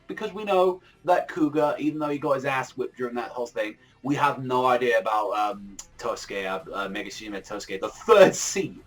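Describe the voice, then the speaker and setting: A young man giving a casual manga review in a rambling, excitable, profane way, full of filler words. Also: mid-range voice, fairly quick, hardly any pauses, soft background music.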